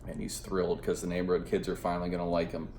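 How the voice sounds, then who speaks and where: A man's voice: sits low, completely flat delivery, fast, darkish tone, reverberant, a little hiss or hum. A man giving a casual spoken movie review, rambling and profane, with lots of filler words.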